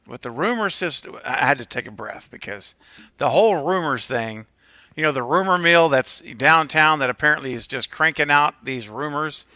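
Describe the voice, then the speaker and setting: A man with a raised, bright, forceful voice co-hosting a livestream. He jokes playfully and laughs often as he chats. The recording is dry. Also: a little high, animated, normal speed, dry recording. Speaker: livestream co-host. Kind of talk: casual livestream chat.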